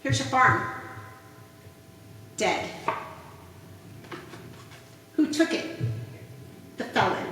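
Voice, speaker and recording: A woman's voice: on the high side, bright, forceful tone. Scolding woman ranting in an echoey room. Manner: scolding, rhetorical questions. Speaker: tarot reader. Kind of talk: ranting political commentary. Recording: echoey room, far from mic, noisy.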